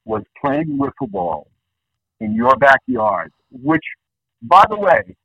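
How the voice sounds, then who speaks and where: Animated gravelly man over dull line. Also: medium pitch, takes it slowly, no echo. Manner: animated, rambling nostalgic. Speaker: guest. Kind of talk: casual storytelling. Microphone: phone line. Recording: dull phone-call audio.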